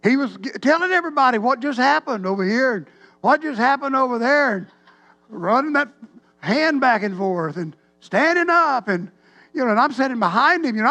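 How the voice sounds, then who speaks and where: Man, pastor, storytelling sermon, animated, rambling, high pitch. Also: moderate pace. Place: church sanctuary.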